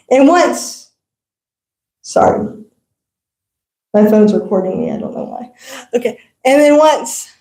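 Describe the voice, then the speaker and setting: A woman's voice: sits high, roomy sound, rough recording. Laughing woman telling a temple story. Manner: laughs often, animated storytelling. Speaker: devotional speaker. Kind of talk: storytelling talk.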